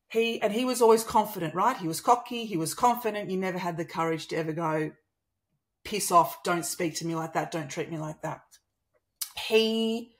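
A woman in her thirties with an Australian accent, a guest telling a personal story in conversation and acting out the dialogue. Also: fairly low pitch. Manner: animated, acts out quoted dialogue.

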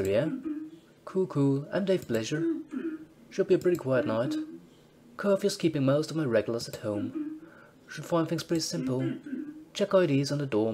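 A man's voice: fairly high pitch, expressive, moderate pace, warm tone, pitched above the performer's own voice, natural voice. A man voicing a chatty male British pub landlord in a game, breezy and matter-of-fact in a put-on British accent. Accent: attempted British.

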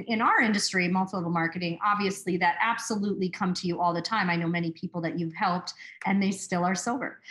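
A woman's voice: medium pitch, echoey room. A woman hosting a podcast interview, talking in an emphatic, chatty way. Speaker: podcast host. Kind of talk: conversational interview.

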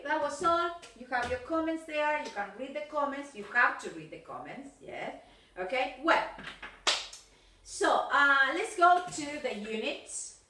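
A woman's voice: fairly high pitch, bright, forceful tone. A woman with an Argentine Spanish accent teaching an English class, switching between Spanish and English as she corrects pronunciation. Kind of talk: recorded video class. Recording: roomy, from a distance.

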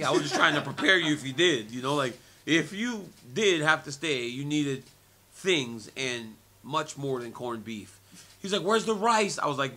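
A man in his forties in a media interview, telling stories with lots of laughter and repeated phrases. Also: mid-range voice. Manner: animated storyteller, laughs often, repeats phrases. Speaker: interviewee, former fighter and commentator.

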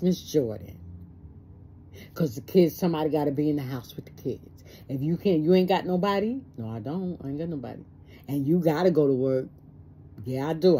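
A woman's voice: low voice, mellow, slightly rough. A stressed woman talking plainly and emotionally in a personal vlog, acting out both sides of conversations. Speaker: vlogger. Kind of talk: personal monologue to camera.

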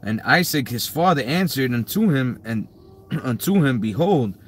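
A man reading old-fashioned Bible verses aloud, slowly and carefully, during a study session. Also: medium pitch, animated, husky.

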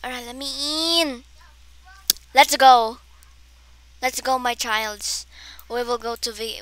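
Woman, high and bright, unhurried but excitable, dramatic gameplay commentary. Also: a little hiss or hum. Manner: excitable and dramatic, gasping, with playful exaggeration. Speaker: gameplay streamer.

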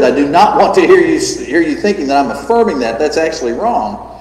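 Pastor, male, fairly high voice, emphatic sermon delivery, heard from a distance in a reverberant church. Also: animated, a little fast. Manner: emphatic, rhetorical questions, varies loud and soft. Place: church sanctuary. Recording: echoey hall, distant mic.

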